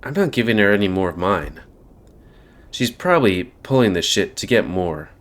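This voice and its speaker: A man's voice: deep voice, very animated, moderate pace. A man voicing a jittery, foul-mouthed young male bat while reading a visual novel aloud. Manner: curse-laden, defensive.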